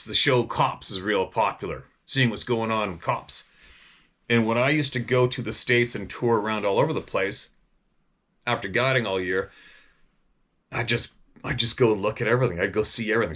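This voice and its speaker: A middle-aged man tells stories in a casual, rambling way. His voice sits on the low side, and he swears freely and restarts sentences midway. He talks like a hunting guide spinning yarns. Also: fairly bright tone. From Vancouver Island, Canada. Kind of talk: casual storytelling.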